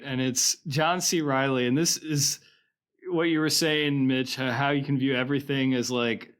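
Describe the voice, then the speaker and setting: A man co-hosting a podcast, chatting casually about a movie, retelling scenes with animation and frequent laughter. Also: mid-range voice. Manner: animated storytelling, laughing often, acting out quotes. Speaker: podcast co-host. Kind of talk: casual film discussion.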